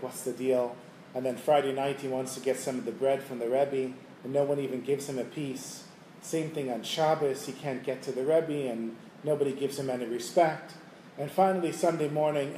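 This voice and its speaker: A man telling a Hasidic story to a class, lively and chuckling, in a room with listeners. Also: medium pitch, slight background noise. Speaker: Torah teacher. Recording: roomy room, faint ambience.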